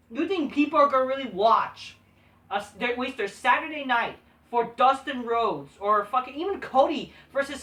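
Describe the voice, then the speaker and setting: A woman's voice: sits high, a bit bright. Scornful woman ranting in an echoey room. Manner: profane, scornful and dismissive. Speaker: wrestling show reviewer. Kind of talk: ranting casual review. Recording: echoey room, distant mic.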